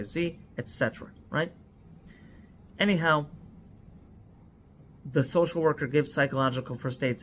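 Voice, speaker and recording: A man's voice: medium pitch, a bit bright, a little hiss or hum. A man who trains people in psychological first aid, earnestly telling a cautionary story and stacking his points in lists.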